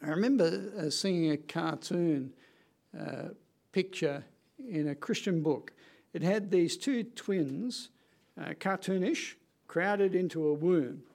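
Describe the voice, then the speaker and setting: Male preacher, slightly higher voice with a gravelly edge, earnest and conversational sermon delivery with pauses for weight. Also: darkish tone.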